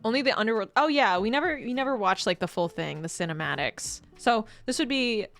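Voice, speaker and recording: A woman's voice: fairly high pitch, expressive, brisk, creaky, fairly bright tone, faint music behind. A woman streamer in casual chat, rambling and laughing often as she reads chat messages.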